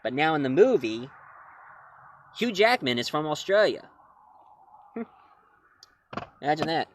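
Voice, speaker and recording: A man reviewing comics and films in a casual talk to camera, rambling and correcting himself as he goes. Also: on the high side. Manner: rambling, self-correcting, chuckling.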